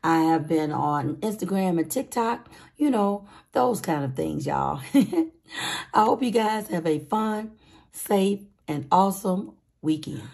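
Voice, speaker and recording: A woman hosting a casual budgeting vlog, with a raspy voice and an upbeat, chatty manner, calling her viewers sweeties and honey. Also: fairly low pitch, slow pace. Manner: upbeat, excited. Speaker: budgeting channel host.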